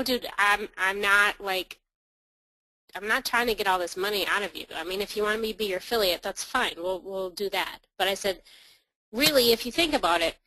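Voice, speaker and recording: A woman's voice: mid-range voice, pushed and bright, no echo, low-quality recording. A woman telling a business story in a chatty, blunt way, with lots of fillers and acted-out quotes. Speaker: online marketer telling a story. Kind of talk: casual storytelling.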